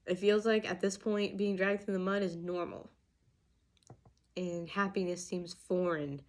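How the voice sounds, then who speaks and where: A woman's voice: lowish voice, fairly even intonation, measured pace. A young adult woman giving an earnest, emphatic channeled tarot reading, full of restarts and fillers. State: getting emotional. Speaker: tarot reader.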